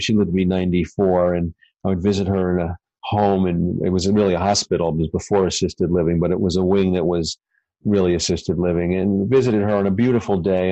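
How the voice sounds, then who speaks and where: A man, a guest author, talking reflectively in a halting way with many fillers and restarts. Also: fairly low pitch, dark tone, no echo, rough recording. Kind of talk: reflective conversational talk.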